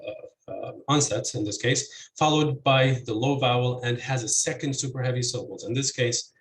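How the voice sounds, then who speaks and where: A man walks through an academic presentation step by step, pausing often with fillers as he explains. His voice sits at an ordinary middle pitch. The sound is roomy, with faint noise behind it. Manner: hesitant, many fillers, methodical explaining. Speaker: linguistics researcher presenting.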